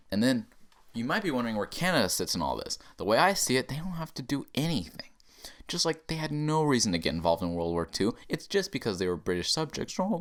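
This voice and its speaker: An American man hosting a comedy show, delivering a profane, sarcastic satirical rant. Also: mid-range voice. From United States. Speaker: comedy podcast host.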